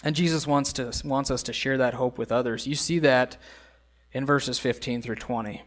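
A man's voice: mid-range voice, fairly even intonation, moderate pace. A man preaching a sermon, earnest and emphatic, repeating key phrases and asking rhetorical questions. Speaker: pastor.

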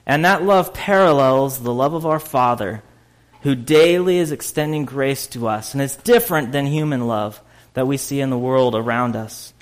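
A man preaching a conversational sermon, full of fillers and restarts, with sudden loud, laughing bursts. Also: mid-range voice, moderate pace. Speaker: pastor.

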